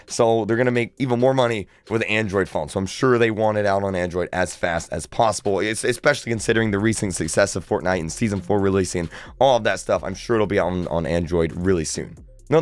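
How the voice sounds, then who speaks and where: A young man hosting a casual gaming news vlog, chatty and excitable, with lots of fillers. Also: mid-range voice, dry recording. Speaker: gaming YouTuber.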